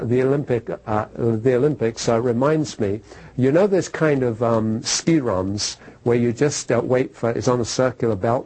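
A man's voice: medium pitch, darkish tone, breathy edge, rough recording. A man preaching a sermon to a congregation in a conversational way, asking rhetorical questions and telling stories. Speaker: pastor.

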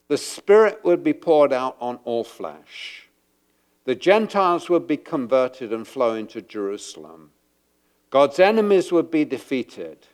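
A man preaching a sermon to a congregation, moving from quiet asides to loud, emphatic rhetorical questions. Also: medium pitch. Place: church before a congregation.

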